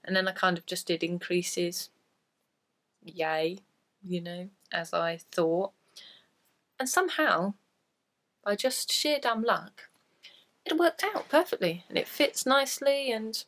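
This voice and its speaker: Chatty woman, gravelly voice. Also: medium pitch, expressive, a little slow, long pauses, a bit bright. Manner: chatty and rambling, self-deprecating. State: coughing from a cold. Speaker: podcast host. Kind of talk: casual chat.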